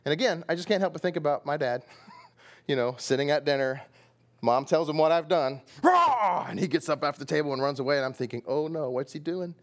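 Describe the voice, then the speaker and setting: A man's voice: on the high side, quick pace. A middle-aged man from Texas with a Texan accent, preaching a sermon as pastor and acting out the story as he tells it. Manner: animated storyteller, acting out voices and sound effects.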